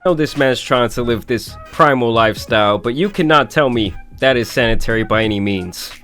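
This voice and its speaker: A man's voice: medium pitch, brisk, a bit bright, faint music behind. A man narrating a scripted commentary video in a sarcastic, mocking tone.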